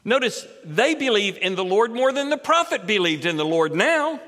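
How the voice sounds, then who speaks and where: A middle-aged man preaching a sermon as a pastor, working through a scripture passage and rising sharply in pitch and force to stress key points. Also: expressive, normal speed, pushed and bright, in a large hall.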